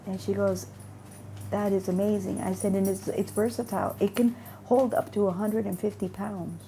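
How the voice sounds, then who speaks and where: A woman's voice: medium pitch, fairly even intonation, moderate pace, mellow, slight background noise. A woman vlogger telling a rambling everyday story about her faith, acting out both sides of a conversation and often repeating words.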